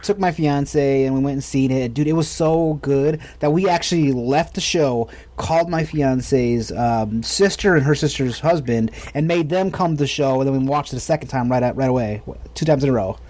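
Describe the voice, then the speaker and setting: Rambling, enthusiastic American man, mid pitch. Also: normal speed, few pauses, darkish tone. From United States. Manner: rambling, enthusiastic, many restarts. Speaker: podcast co-host. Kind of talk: casual podcast chat.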